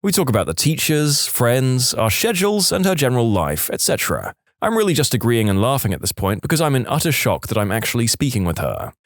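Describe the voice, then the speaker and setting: Lively man reading stories. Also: mid-range voice, brisk, hardly any pauses, no room sound, studio quality. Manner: lively, playful storytelling with voiced quotes. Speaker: narrator. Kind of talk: reading online stories aloud.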